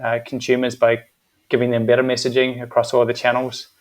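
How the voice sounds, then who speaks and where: A middle-aged man with a New Zealand accent, a guest in a casual interview, speaking in an even, measured way with frequent ums. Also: mid-range voice. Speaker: guest, agency managing director.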